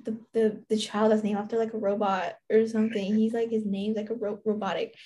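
A woman's voice: medium pitch, level tone, brisk, mellow. A teenage girl in casual chat, giggly and talkative, full of filler words. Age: teens. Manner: giggly, chatty, many "like" fillers. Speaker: teen panelist.

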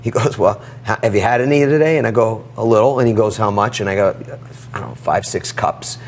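A middle-aged man telling a personal story in an interview, animated and acting out the dialogue. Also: lowish voice, brisk, slight background noise. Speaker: guest.

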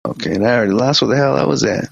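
A male podcast co-host reading a story aloud in a profane, animated way, with quick comic asides. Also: medium pitch, gravelly, husky, dry recording. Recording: dull lo-fi podcast audio.

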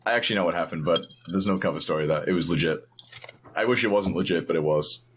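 A man's voice: deep voice, quick pace, fairly bright tone, a little hiss or hum. A man guesting on a podcast, telling a rambling, self-deprecating story and stumbling over his words. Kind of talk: casual storytelling.

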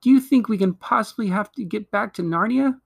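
Man doing a high young schoolgirl. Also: fairly even intonation, brisk, fairly bright tone, close to an everyday voice. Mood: excited. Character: young schoolgirl, youngest sister, frightened then excited.

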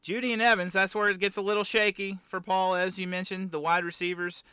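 A man's voice: high voice, flat delivery, brisk, pushed and bright, clean tone, dry recording. A man hosting a casual sports chat, joking and wry as he rambles through the weekly moves. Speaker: podcast host. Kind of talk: casual fantasy football chat.

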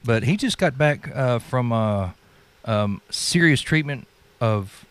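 A man hosts a podcast in a relaxed, easygoing manner. He draws out his stories with loose, casual phrasing. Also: medium pitch, slow pace, smooth, no room sound. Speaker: podcast host. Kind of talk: casual chat.

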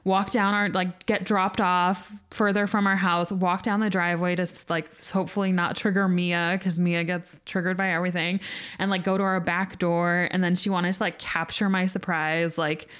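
A woman's voice: lowish voice, level tone, normal speed, fairly bright tone, smooth. A young adult woman co-hosting a podcast, telling a personal story in casual chat, full of "like" fillers. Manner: chatty storytelling, lots of "like". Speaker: podcast co-host.

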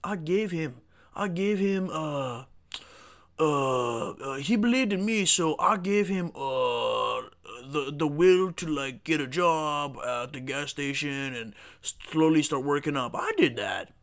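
A man's voice: on the high side, lively intonation, slow pace, fairly bright tone, exaggerated voice. A man voicing a smug, laid-back male God figure who talks casually and crudely. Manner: casual, crude, self-satisfied.

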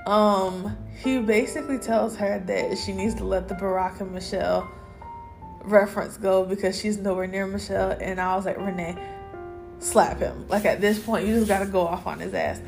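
A woman's voice: mid-range voice, fairly even intonation, moderate pace, creaky, darkish tone, soft background music. A woman hosting a podcast, recapping episodes alone in a casual chat, candid and opinionated with plenty of slang. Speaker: podcast host.

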